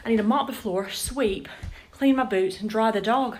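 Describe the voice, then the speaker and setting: A woman's voice: a little high, moderate pace. A woman from Georgia, chatting casually to camera as a vlogger and asking her viewers playful questions, with the odd curse. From Georgia, USA.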